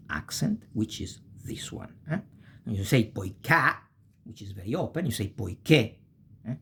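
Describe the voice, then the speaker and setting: A man teaching a video language lesson. He pronounces example words slowly and often checks in with the listener with short "eh?" or "okay?" tags. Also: on the low side, creaky, a little hiss or hum. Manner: says Italian example words slowly and deliberately.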